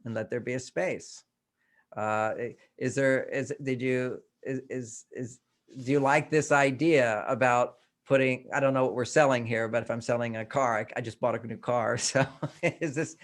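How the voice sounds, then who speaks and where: An older man, a guest author, talking in a relaxed interview and acting out bits of dialogue as he tells stories. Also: mid-range voice, normal speed. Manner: animated storytelling, acts out quoted dialogue, laughs often. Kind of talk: conversational interview.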